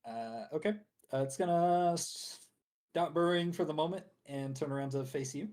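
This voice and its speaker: A young man narrating as game master for a tabletop game, casual and halting, with frequent uhs and restarts. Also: on the high side, darkish tone.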